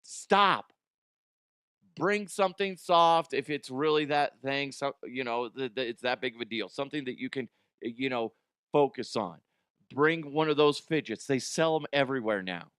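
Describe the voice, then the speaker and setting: A man hosting a comedy news show, ranting crudely and mocking the stories, with quick jumps into silly voices. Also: medium pitch, fairly bright tone, smooth, no room sound, clean studio sound. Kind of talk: profane comedic news commentary.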